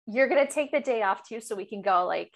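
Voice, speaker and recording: Woman from buffalo way telling a story on a podcast, kinda high. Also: a little fast. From Buffalo area. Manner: chatty, animated. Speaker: podcast co-host. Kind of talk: casual storytelling.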